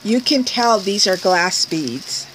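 A woman's voice: mid-range voice, slow, slight background noise. A woman vlogger opening a gift package at home at night, gushing and laughing as she shows each item to her viewers. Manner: gushing, excited, laughs often, exclaims over each item. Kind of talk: casual unboxing chat to viewers.

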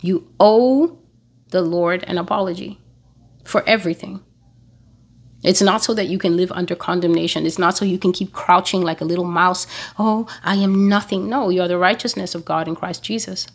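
A woman with a somewhat low voice delivers a sermon. She speaks earnestly and emphatically, repeating her phrases over and over to drive each point home. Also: moderate pace, breathy edge. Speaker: prophecy blog preacher.

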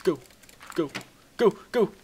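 A man giving casual gameplay commentary, excitable, thinking out loud, swearing and bursting into high squeals. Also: slow, slight background noise. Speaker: gaming video host.

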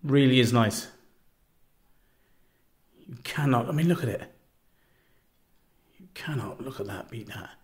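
Soft-spoken man rambling about a knife. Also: medium pitch, measured pace, long pauses. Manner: relaxed, repeats himself, stumbles over words; often drops to a quiet, murmured voice. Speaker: knife reviewer. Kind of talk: casual product review vlog.

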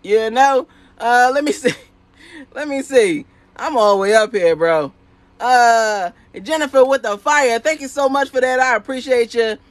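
A man hosting a live stream, reading viewer comments aloud in an excitable, playful way, laughing often and repeating catchphrases. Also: extremely high pitch, unhurried, no room sound. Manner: hype, playful banter with viewers. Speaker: sock printing business owner.

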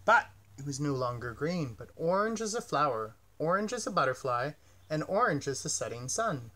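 A man reading a children's picture book aloud in a gentle, expressive storytelling manner. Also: fairly high pitch, moderate pace.

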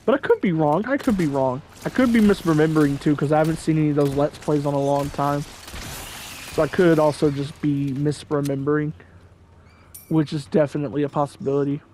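Higher-voiced man rambling over gameplay. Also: fairly even intonation, fairly quick, mellow, slight background noise. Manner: rambling, hedging, filler-heavy. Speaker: gameplay commentator. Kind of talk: casual game commentary.

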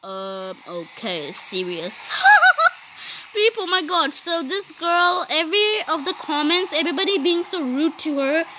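Giggly high-voiced woman gamer. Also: moderate pace, few pauses, background noise. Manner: giggly and excitable, bleeps herself out. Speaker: gaming YouTuber. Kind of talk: casual gameplay commentary.

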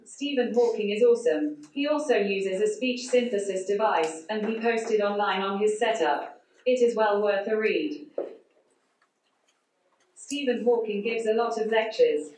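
A woman giving a conference talk through a speech synthesizer, so her voice is a flat, synthetic computer voice with no intonation. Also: mid-range voice, a little slow, a little hiss or hum. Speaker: conference speaker. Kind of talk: prepared talk read out by text-to-speech. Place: large conference hall. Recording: echoey hall, voice from far off.

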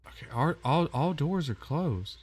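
A man giving casual let's-play commentary on a horror game, chatty and quick to exclaim, often repeating himself. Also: on the high side, lively intonation, a little mellow, breathy edge. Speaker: gamer playing a horror game.

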